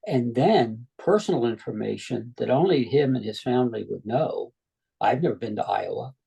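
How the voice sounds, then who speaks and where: A middle-aged man, a guest on an interview show, telling his near-death story in a relaxed way, with frequent "you know" asides. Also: medium pitch, moderate pace, gravelly, slightly rough, rough recording.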